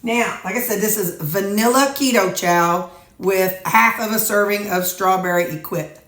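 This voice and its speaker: A woman's voice: medium pitch, normal speed, a bit bright, roomy sound. A woman with a Missouri accent, chatting casually and rambling folksy as she vlogs from her home kitchen. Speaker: vlogger. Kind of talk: casual chat.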